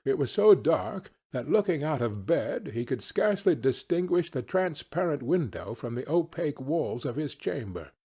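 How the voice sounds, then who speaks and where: Male narrator, husky voice, unhurried measured reading, storybook narration for learners. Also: mid-range voice, dark tone.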